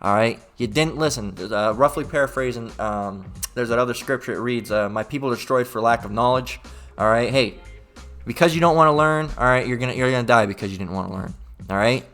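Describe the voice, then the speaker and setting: A man's voice: medium pitch, fairly quick, fairly bright tone, faint music behind. Man preaching bluntly with "all right?". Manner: blunt and profane, repeating "all right?" after each point. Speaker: street preacher. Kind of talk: informal preaching with scripture reading.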